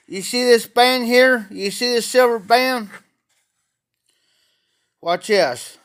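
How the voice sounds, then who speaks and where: A man, chatting slowly and rambling on a livestream from an auction house and greeting viewers by name. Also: extremely high pitch, a bit bright. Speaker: pipe-smoking livestream host. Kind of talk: casual livestream chat to viewers. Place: auction house, former bar room.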